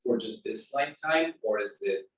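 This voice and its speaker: A man's voice: mid-range voice, animated, moderate pace, slight background noise. A man in the audience asking a question tentatively, thinking aloud as he goes. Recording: echoey room, far from the mic.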